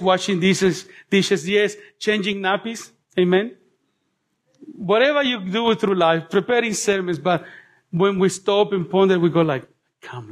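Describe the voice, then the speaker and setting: A man preaching a sermon to a congregation, chatty and animated with humorous asides, easing into soft, slow prayerful passages. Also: high-pitched. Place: church.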